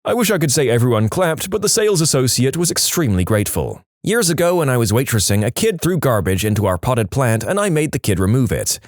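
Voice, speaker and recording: A man reads reddit stories aloud, his pitch swinging through an animated delivery. He uses a lively, mocking storytelling manner. The recording is dry and close. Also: fast, hardly any pauses, no room sound. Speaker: narrator.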